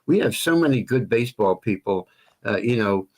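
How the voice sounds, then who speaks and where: An older man, a longtime stadium announcer, talking in a measured way as a guest on a sports talk show, stretching names into melodic calls. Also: on the low side, expressive, a little mellow. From Philadelphia area.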